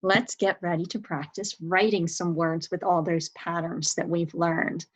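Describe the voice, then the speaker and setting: A woman's voice: on the low side, little pitch movement, measured pace, breathy edge, poor audio. A woman teaching a spelling lesson to young children, patiently sounding out words and spelling them letter by letter. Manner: patient, encouraging.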